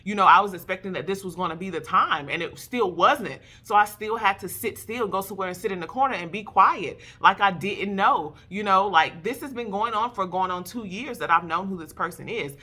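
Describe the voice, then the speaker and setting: A woman sharing a personal faith testimony and exhorting wives, animated and emphatic, calling her listeners "baby". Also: mid-range voice, fairly quick, hardly any pauses, slightly rough. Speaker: faith vlogger addressing wives.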